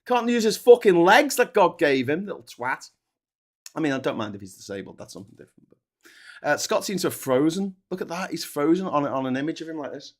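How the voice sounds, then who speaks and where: A man's voice: fairly high pitch, very animated, a little fast. A man hosting a live-streamed chat show, swearing, ranting and joking over a video call. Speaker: host.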